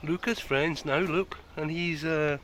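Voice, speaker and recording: A man with a slightly high voice talks slowly and fondly to a crowd of rescue cats. He coaxes them the way you would talk to pets. Clear outdoor noise sits behind him in the recording. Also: fairly even intonation, a bit bright. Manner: coaxing and affectionate toward the cats. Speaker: cat rescuer filming his cats. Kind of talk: casual talk to animals.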